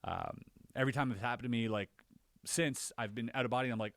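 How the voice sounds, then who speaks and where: A man on a podcast, casually recounting his own experiences as an animated storyteller whose voice jumps higher when he relives the scary parts. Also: quick pace, no echo, clean studio sound. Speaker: podcast co-host.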